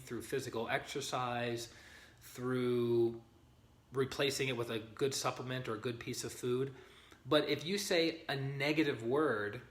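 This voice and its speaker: A man's voice: mid-range voice, a bit bright. A man giving a live-streamed spiritual teaching, earnest and often checking in with his listeners. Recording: roomy echo.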